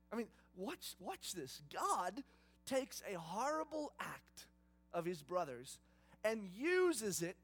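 A man preaching a sermon, retelling a story in a lively, conversational, dramatic way. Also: high-pitched, husky. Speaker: pastor.

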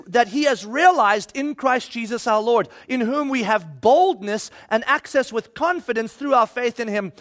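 A male pastor delivers a sermon in a strikingly high voice. He is emphatic and animated, dropping to hushed asides and rising to shouts. His delivery is lively and insistent.

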